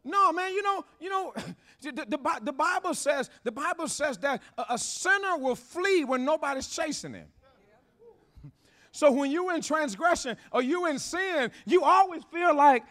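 A man preaching a fervent sermon with call-and-response, repeating phrases and building to shouts. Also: very high-pitched, animated, moderate pace. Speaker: pastor.

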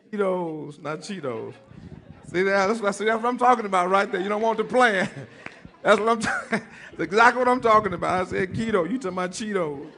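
A man's voice: high-pitched, a little fast, sharp tone. A man preaching a sermon as pastor, joking with his congregation, calling for responses and repeating key phrases for emphasis.

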